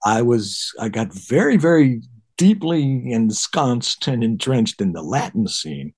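Husky-voiced man telling lively stories. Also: a little slow. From Detroit. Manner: animated, acts out past dialogue in higher voice. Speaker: guest bassist. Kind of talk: casual interview storytelling.

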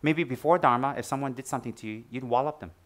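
A man giving a Dharma talk as a Buddhist teacher, teasing and playful, then dropping to soft, earnest teaching. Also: mid-range voice, quick pace.

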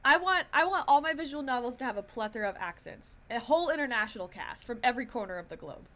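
A woman's voice: a little high, expressive, quick pace, a bit bright. A young adult woman streaming a visual novel, playfully chatting and reading its lines aloud. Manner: playful, giggly, chatty commentary.

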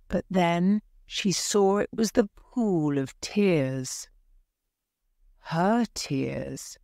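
A woman narrating a graded reader story for English learners, reading slowly, clearly and carefully. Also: deep voice, a little mellow, dry recording, clean studio sound.

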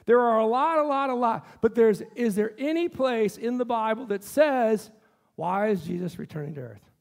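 A male pastor with a notably high voice delivers an impassioned sermon in a church. He keeps turning to the congregation with questions and pressing his point. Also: lively intonation, normal speed, gravelly. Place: church sanctuary.

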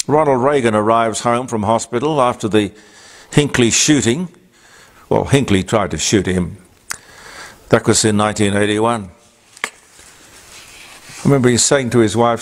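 Older australian male host, gravelly, chatty rambling delivery, mid-pitched. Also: unhurried, long pauses. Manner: chatty, rambling asides with fillers. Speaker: radio talk host. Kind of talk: casual on-this-day segment.

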